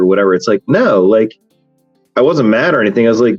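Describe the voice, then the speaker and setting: A man's voice: fairly low pitch, moderate pace, darkish tone, highs cut off, faint music behind. A man hosting a podcast in casual chat, talking frankly and rambling with many fillers and restarts. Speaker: podcast host.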